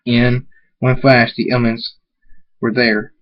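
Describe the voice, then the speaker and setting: A man's voice: medium pitch, level tone, slow pace. A man reading a story aloud, stumbling and restarting often. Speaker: reader of fan fiction. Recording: muffled lo-fi recording.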